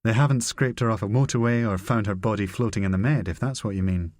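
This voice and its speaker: Brusque profane spy chief read by a male narrator, low voice, dry close sound. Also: fast talker, a little mellow, no room sound, natural voice.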